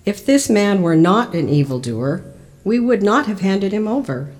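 A church lector reading the lines of an angry crowd of accusers, louder and more forceful than the narration. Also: mid-range voice, sing-song, normal speed, voice pushed up, lightly acted. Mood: insistent. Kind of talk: liturgical Scripture reading.

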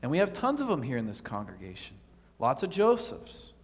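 A man's voice: mid-range voice, wildly swooping pitch, brisk, in a large hall. A man preaching a sermon as pastor, earnest, putting rhetorical questions to his congregation.

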